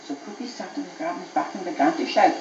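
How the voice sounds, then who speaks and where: A woman's voice: on the low side, fast talker, darkish tone, echoey room, highs cut off, slight background noise. A mother reading a bedtime story to her child aloud, telling it expressively, recorded on an old cassette tape.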